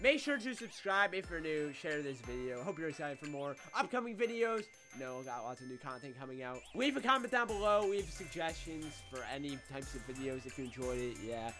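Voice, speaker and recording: A man hosting an excitable gameplay commentary, loud and frustrated, often yelling. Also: a little high, fairly quick, hardly any pauses, faint music behind. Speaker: gameplay video host.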